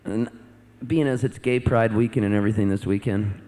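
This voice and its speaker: A man's voice: fairly low pitch, steady tone, brisk, warm tone. A male singer-songwriter on stage, telling a rambling, amused story between songs into a vocal mic.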